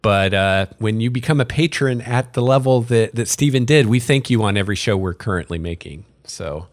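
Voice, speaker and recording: A man hosting a podcast in a relaxed, chatty way, with casual fillers and dry sarcasm. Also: medium pitch, a little fast, no room sound. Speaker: podcast host. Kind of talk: casual chat.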